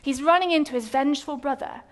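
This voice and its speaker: Woman, preacher, high voice, lively storytelling, sermon. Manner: lively storytelling, dramatic pauses.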